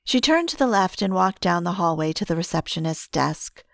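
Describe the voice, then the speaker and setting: A woman narrating an audiobook in a calm, steady storytelling manner on a close mic. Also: lowish voice, normal speed, creaky, no echo.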